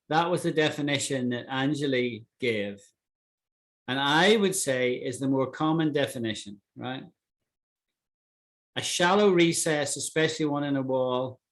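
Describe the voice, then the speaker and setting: A man's voice: medium pitch, moderate pace, a bit bright. A man teaching English vocabulary in an online class, explaining and checking in with students often. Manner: explains with many "right?" checks.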